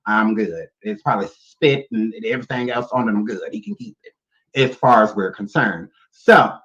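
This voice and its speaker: A man's voice: on the low side, big pitch swings, moderate pace, a bit bright, dull audio. A man giving blunt, sassy and profane reaction commentary. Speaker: YouTube commentator.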